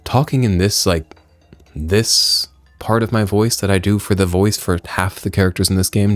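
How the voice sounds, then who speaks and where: Playful, lively man gaming commentary. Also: lowish voice, normal speed, dry recording. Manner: playful, joking, swears freely. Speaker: gaming video creator. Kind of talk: casual let's-play commentary.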